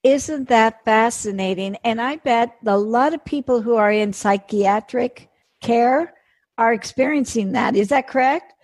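A woman's voice: a little high, a little slow, darkish tone, dry recording. Enthusiastic woman hosting an interview. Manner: enthusiastic, frequent exclamations of wonder. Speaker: interview host. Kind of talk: casual interview chat. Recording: dry, close sound.

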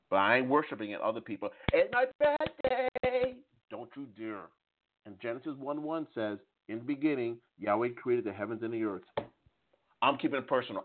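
A man in his fifties speaks fervently over a phone line, his voice squeezed thin and tinny. He sits at a middling pitch and keeps circling back, repeating words and restarting his sentences. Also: slight background noise. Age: 50s. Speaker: participant. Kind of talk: preachy call-in talk. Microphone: phone call.

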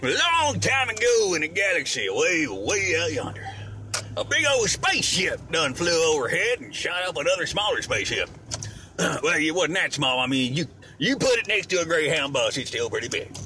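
Man doing a folksy rural Southern yarn-spinner, drawling and rambling, lively pitch swings, bright tone. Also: moderate pace, soft background music. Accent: put-on rural Southern US drawl. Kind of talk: comic storytelling.

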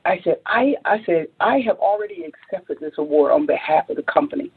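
A woman entrepreneur, interviewed as a guest, tells a story with animation, acting out quotes and rising high when excited, with many restarts. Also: fairly quick, breathy edge. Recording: phone-like narrow audio.

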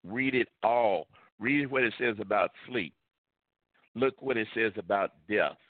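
A man's voice: fairly low pitch, a little slow, no echo. A male pastor preaching a sermon with emphasis, repeating key phrases. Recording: tinny phone-like line, dry.

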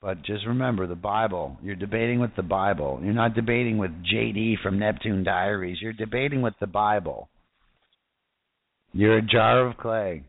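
A man's voice: lowish voice, moderate pace, no echo. Fervent man preaching over tinny audio. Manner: fervent, exclamatory, addresses listeners directly. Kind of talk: casual preaching with scripture reading.

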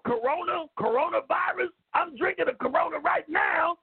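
A man voicing a brash, loud, hot-tempered older man who curses, shouts and rambles with stammering restarts, as a comedic call-in character. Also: very high voice, moderate pace, no room sound. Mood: blustering. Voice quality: gravelly. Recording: tinny phone-like line.

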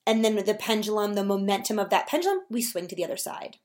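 A woman's voice: medium pitch, lively intonation, fast talker. Encouraging woman podcast host, unscripted. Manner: warm, encouraging, repeats herself while searching for words. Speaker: podcast host and food coach. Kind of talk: solo podcast talk.

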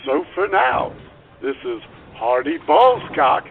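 A man's voice: very animated, slow, heavily acted. A man hamming up a bumbling old-time radio sportscaster. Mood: hammy. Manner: hammy announcer delivery with big pitch swings. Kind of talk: spoof vintage radio broadcast. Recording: tinny phone-like sound with faint noise.

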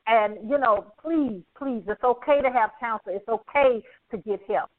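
A woman's voice: fairly high pitch, moderate pace. A woman hosting a podcast, effusive and emotional, laughing often as she signs off the show. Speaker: podcast host. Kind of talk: animated show sign-off. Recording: phone-like narrow sound.

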